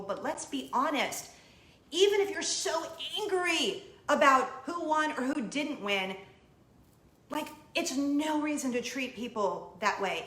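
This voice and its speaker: Bright, expressive woman in an echoey room. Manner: emotional and expressive, high excited quoting. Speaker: vlogger, show host. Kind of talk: casual storytelling to camera.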